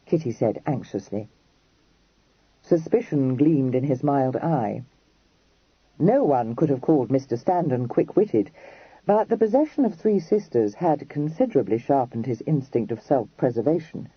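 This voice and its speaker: A man narrating an audiobook in an expressive, lively reading style. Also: mid-range voice, moderate pace, breathy edge, dry recording. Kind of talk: scripted narration. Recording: dry, dull lo-fi recording.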